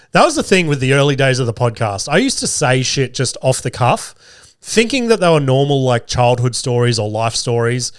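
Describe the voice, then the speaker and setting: A man's voice: mid-range voice, no room sound, studio quality. A man, telling casual stories as a podcast host, swearing freely and acting out quoted lines. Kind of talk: casual storytelling.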